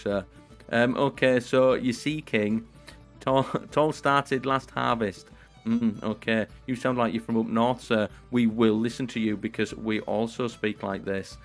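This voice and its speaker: A man's voice: on the low side, steady tone, unhurried, faint music behind. Playful man narrating a strategy game. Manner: playful, theatrical, chatty, addresses viewers. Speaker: gaming YouTuber. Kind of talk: comedic role-play game commentary.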